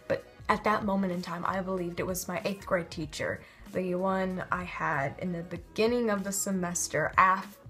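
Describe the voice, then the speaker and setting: A woman's voice: medium pitch, fairly bright tone. A young woman vlogger telling stories casually, rambling and interrupting herself as she acts out quotes. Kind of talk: casual storytelling vlog.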